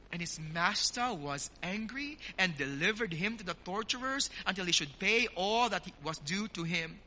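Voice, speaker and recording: A male pastor preaching a sermon in an earnest, emphatic way, speaking straight to his congregation and slowing down to stress key words. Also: sits high, expressive, sharp tone, rough recording.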